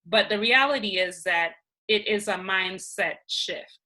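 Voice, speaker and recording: A woman speaking as the guest in an interview, talking earnestly and personally about her own experience with frequent pauses and ums. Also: mid-range voice, pushed and bright, poor audio. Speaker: interview guest, nonprofit founder. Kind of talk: candid conversational interview.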